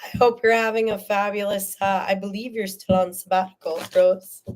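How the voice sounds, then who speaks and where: Woman reading tarot live, animated and chatty, tearful, keeps checking in with listeners. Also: mid-range voice, normal speed, a little hiss or hum. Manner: animated, chatty, many "okay?" and "all right?" check-ins. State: tearful, emotional. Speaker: tarot reader.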